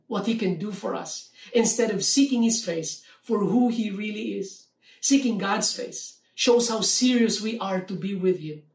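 A preacher giving a measured sermon, slowing down to read scripture verses aloud. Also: mid-range voice. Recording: roomy echo, mic at a distance.

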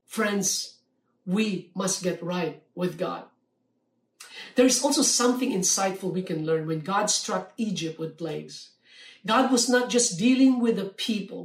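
A preacher giving a measured sermon, slowing down to read scripture verses aloud. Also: mid-range voice. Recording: roomy echo, mic at a distance.

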